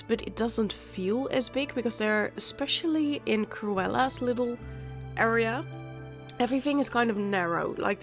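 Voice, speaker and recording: A woman hosting a gaming channel, talking through a game in a chatty, candid way while nursing a sore throat. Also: fairly high pitch. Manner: chatty, candid, muttering asides. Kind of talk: casual let's-play commentary.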